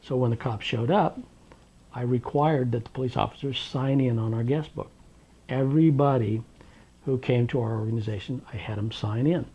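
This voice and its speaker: A man from Washington state recounting his past in an oral history interview, unhurried and wry, with plenty of ums and uhs. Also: mid-range voice, warm tone, slightly rough, dull audio. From Tri-Cities, Washington, USA. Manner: unhurried, wry storytelling with many fillers.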